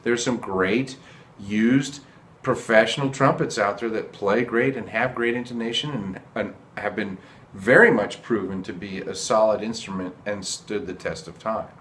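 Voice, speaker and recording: A man's voice: lowish voice, moderate pace, a bit bright, reverberant, slight background noise. A man giving a casual video lesson on trumpets, earnest and repeating key points for emphasis. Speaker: trumpet teacher.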